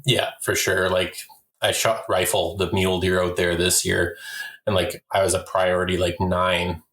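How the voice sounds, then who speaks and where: A man from Canada with a low, deep voice talks in a relaxed, conversational way. He is blunt and opinionated. The sound is roomy, with noticeable echo. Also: normal speed. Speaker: podcast guest, hunter and wildlife photographer. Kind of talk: casual conversation.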